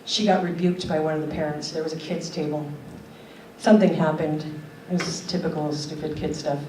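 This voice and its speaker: Brisk and mellow, an older woman's low voice keeps a fairly even intonation during her keynote talk in a conference hall. She speaks earnestly, tells stories, and raises questions. The recording is roomy and distant, with slight background noise.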